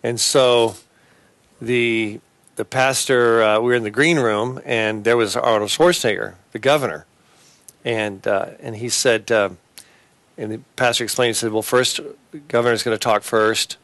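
A man hosting a Christian talk show, talking earnestly and haltingly, with many fillers and restarts. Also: medium pitch, a bit bright, no echo. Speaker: host.

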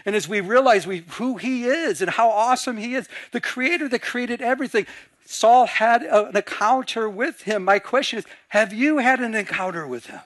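Male pastor, high-pitched, lively sermon delivery, dry close recording. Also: brisk, dry recording. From Michigan. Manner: animated, acts out dialogue in quieter voices.

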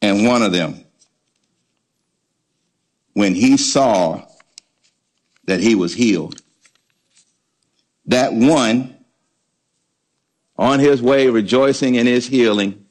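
Slow and a little mellow, with frequent pauses, a medium-pitched male pastor delivers his sermon. He stresses ideas by repeating words and asking the congregation questions, preaching emphatically in call-and-response fashion.

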